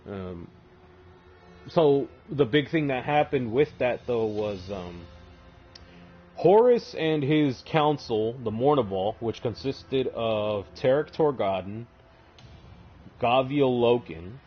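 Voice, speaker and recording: A man's voice: mid-range voice, expressive, slow pace, muffled recording, faint music behind. A man streaming a game, casually retelling a story in a rambling way with lots of swearing. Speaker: gaming streamer. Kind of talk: casual lore retelling while playing.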